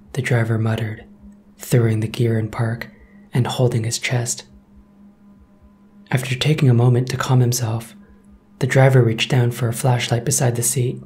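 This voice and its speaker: A man narrating a first-person horror story in a measured, suspenseful way. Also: mid-range voice, darkish tone.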